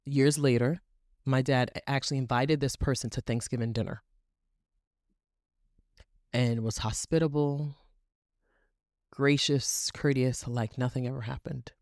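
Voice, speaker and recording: Low-voiced woman hosting an inspirational talk. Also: measured pace, long pauses, no echo, studio quality. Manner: animated storytelling, repeats phrases for emphasis. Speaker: podcast host. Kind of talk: inspirational monologue.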